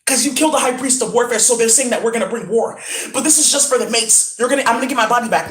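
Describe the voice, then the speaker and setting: A woman's voice: fairly high pitch, rapid-fire, roomy sound. A woman talking in a rambling, intense way in a casual home vlog as a spiritual reader. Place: at home indoors.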